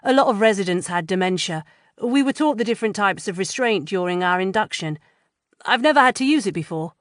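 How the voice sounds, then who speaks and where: A woman voicing a sharp, watchful young woman who speaks in a brisk, commanding way. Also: mid-range voice, lively intonation, dry recording, studio quality, lightly acted.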